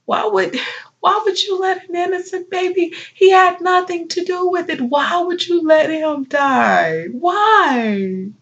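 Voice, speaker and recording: A woman performing a dramatic biblical monologue as a grieving young wife and mother who talks slowly, softly and tearfully. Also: on the low side, creaky, exaggerated voice. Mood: anguished. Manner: slow, soft-spoken, tearful. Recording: dull lo-fi recording.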